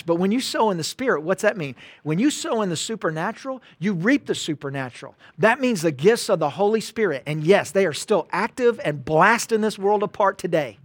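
High-voiced man preaching with dynamic swings. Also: no room sound. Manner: conversational preaching, swings from loud emphasis to soft asides. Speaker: pastor. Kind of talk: sermon.

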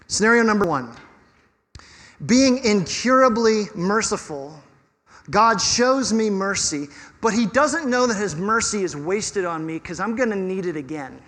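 A pastor preaching a sermon in an animated, conversational way with touches of humor. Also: male voice, high voice, a little slow, big-room sound.

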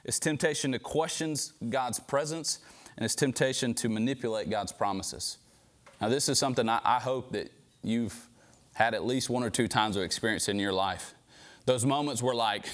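A man preaches in a loose, chatty manner, as if talking with friends rather than delivering a speech. His voice sits at an ordinary middle pitch, and he drops casual asides to his listeners throughout the sermon. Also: normal speed, fairly bright tone. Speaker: pastor.

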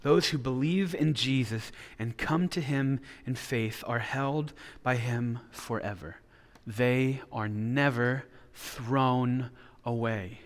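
A man's voice: medium pitch, takes it slowly, few pauses, long reverb tail. A man preaching a sermon in an earnest way, often restarting his words as he explains. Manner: earnest, with frequent repeated restarts. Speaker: pastor.

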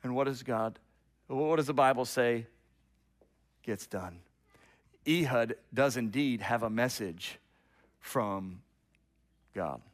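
This middle-aged pastor delivers his sermon slowly in a medium-pitched voice, pausing often. He tells the story with animation, swinging from loud to hushed and frequently repeating words as a thought begins.

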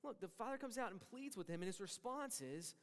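A male pastor with a high voice preaches a sermon, dropping to near-hushed lines and then rising to emphatic points. He acts out the people he quotes. His voice carries a long reverb from a church sanctuary. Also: expressive, fairly quick.

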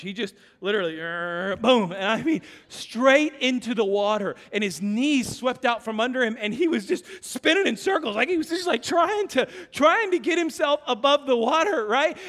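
A man's voice: very high voice, fairly bright tone, in a large hall. A male pastor preaching a sermon, emphatic and full of story.

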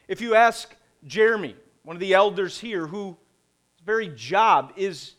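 A middle-aged man preaching a conversational sermon, posing rhetorical questions and pausing deliberately. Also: sits high, a bit bright. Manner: slow, deliberate delivery with pauses. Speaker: pastor.

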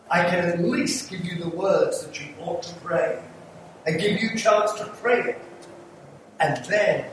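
Fairly high in pitch, an older man with an English accent preaches as a visiting evangelist in a church sanctuary. His sermon is earnest and pleading, lightly humorous, and closes with an altar call. The sound is distant, echoey and noisy.

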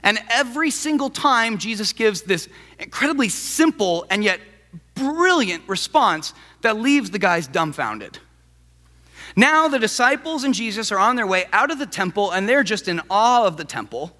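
Brief: male pastor, lively, high-pitched, chatty sermon in a reverberant church. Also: moderate pace. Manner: animated, conversational preaching.

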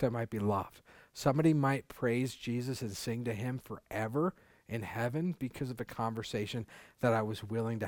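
A man's voice: medium pitch, no room sound. A male pastor delivers a sermon in an open, conversational way, circling back and repeating words to press a point home. His voice sits in a middle register. The sound is close and dry, with almost no room around it. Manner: candid, conversational preaching with emphatic repetition.

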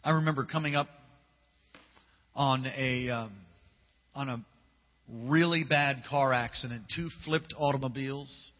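A man's voice: mid-range voice, fairly even intonation, a little slow, pauses often. A male pastor preaching a sermon, telling stories emphatically and casually, acting out the dialogue. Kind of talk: sermon with storytelling. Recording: long reverb, dull lo-fi hall recording.

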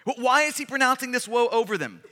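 A man's voice: extremely high pitch, sing-song, fast, pushed and bright. A male pastor preaching a sermon, reading scripture with emphatic, dramatic delivery. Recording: long hall reverb.

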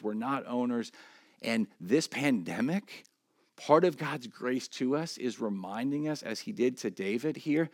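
An earnest man preaching a sermon as pastor, his voice sitting in a mid range with a dry, close sound. He lifts higher and louder when he voices prayers and scripture, then falls soft and low for confessional moments. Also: expressive, measured pace, no room sound. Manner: earnest, rises in pitch and volume when quoting scripture and prayers; drops soft and low on confessional, reflective points.

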